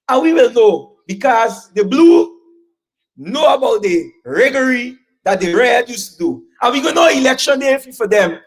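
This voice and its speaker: Guyanese guy, high voice, fired up rally speech, keeps repeating himself and asking the crowd how we voting. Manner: emphatic, repeats lines, call-and-response with crowd. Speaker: political rally speaker. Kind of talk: fiery campaign speech.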